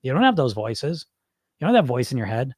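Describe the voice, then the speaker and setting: Animated, blunt male podcast host. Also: medium pitch, fairly quick, breathy edge, dry recording, studio quality. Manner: animated, blunt and swearing, acting out inner voices. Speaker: podcast host and weight-loss coach. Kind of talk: casual live podcast chat reading listener comments.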